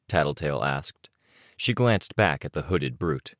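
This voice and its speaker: A man reading an audiobook aloud in a measured storytelling manner. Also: rumbling low, animated, dry recording, studio quality. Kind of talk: audiobook narration.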